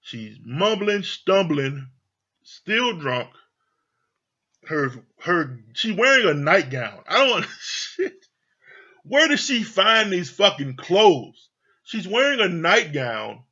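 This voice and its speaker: A reality TV reviewer with a somewhat high, bright, husky voice rambles slowly through a recap in casual, profane commentary, his pitch swinging widely. He laughs often and swears freely, and the recording sounds a little dull and lo-fi.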